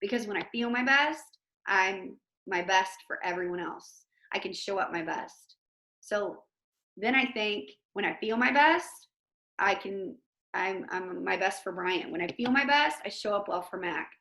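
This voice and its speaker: A woman teacher giving an informal motivational talk over a video call, chatty and animated, with lots of fillers. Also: mid-range voice, unhurried, roomy sound. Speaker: host of an online motivation talk.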